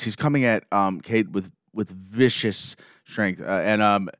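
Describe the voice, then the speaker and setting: Guy doing an excited play-by-play recap, kinda low voice, dry sound. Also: measured pace, hardly any pauses, smooth, no room sound. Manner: excited, gushing fan commentary. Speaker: show recap vlogger.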